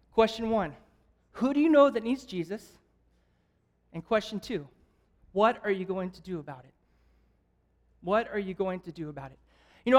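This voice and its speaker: Animated evangelist man preaching in a reverberant hall. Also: high-pitched. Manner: animated, jokey storyteller, asks the crowd questions. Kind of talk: sermon with storytelling.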